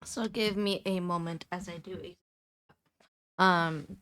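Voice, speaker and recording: Young woman, streamer, casual chat, high and squeaky at times, rambling with fillers, bright tone. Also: fairly even intonation, slow, smooth. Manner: chatty, repeats herself, many fillers.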